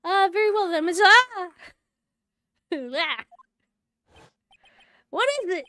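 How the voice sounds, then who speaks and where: A woman's voice: extremely high pitch, expressive, slow, sharp tone, no echo, full character voice. A woman voicing a fussy, flustered elderly male judge who dithers.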